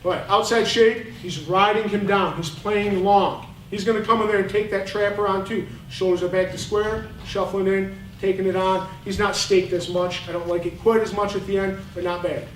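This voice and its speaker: Football coach breaking down film, blunt, fired up, highish voice, echoey room, sounds kinda far off. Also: male voice, fairly even intonation, normal speed, few pauses. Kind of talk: coaching clinic talk over game film. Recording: roomy, distant mic, faint noise.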